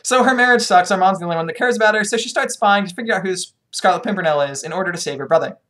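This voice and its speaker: A woman's voice: medium pitch, racing, fairly bright tone. Irreverent young woman recapping a novel. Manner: irreverent, sarcastic, profane storytelling. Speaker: book reviewer. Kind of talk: casual book summary.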